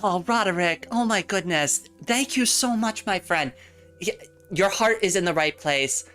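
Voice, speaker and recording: A woman's voice: mid-range voice, unhurried, a bit bright, soft background music. A woman livestreamer in casual chat, talking straight to her viewers, giggling often and repeating words as she thinks.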